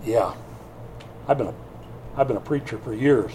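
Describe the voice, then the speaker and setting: An older man preaching a sermon in a church, swinging from loud bursts to hushed asides. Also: mid-range voice, normal speed, slight background noise. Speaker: pastor.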